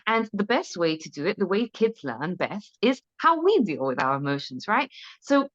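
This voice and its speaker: A woman's voice: medium pitch, big pitch swings, normal speed, a bit bright, highs cut off. A woman guest in an interview, giving parenting advice in an earnest, conversational way, often checking in with "right?" and restarting her sentences.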